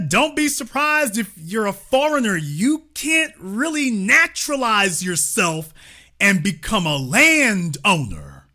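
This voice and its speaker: Male livestream host, high, lively pitch, emphatic and profane, talking straight to his chat. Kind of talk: livestream political commentary.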